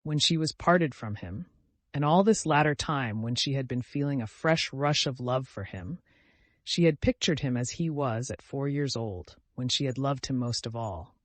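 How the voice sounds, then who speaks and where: Male audiobook narrator, middle pitch, calm measured reading, dry close sound. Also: dry recording. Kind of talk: scripted narration of a classic novel.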